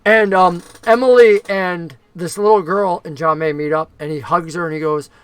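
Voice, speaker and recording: High-voiced man running a tabletop game. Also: clean tone, no echo. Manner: lively, voices characters in quick shifts. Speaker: game master.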